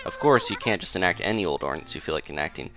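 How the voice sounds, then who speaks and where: A man voicing a cheerful, eager female dog secretary from a video game, talking brightly and fast over background music. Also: low voice, big pitch swings, full character voice.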